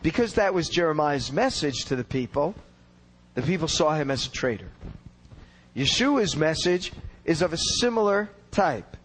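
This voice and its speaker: A man's voice: a little high, big pitch swings, moderate pace, a little hiss or hum, poor audio. A man giving an expository Bible teaching in an earnest, explanatory way, leaning on key words for emphasis.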